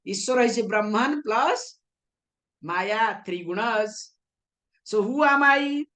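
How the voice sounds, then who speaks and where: A mid-range, fairly bright voice carries this scripture lecture in English. The speaker, a woman spiritual teacher, keeps asking rhetorical questions only to answer them herself, mixing in lighthearted teasing.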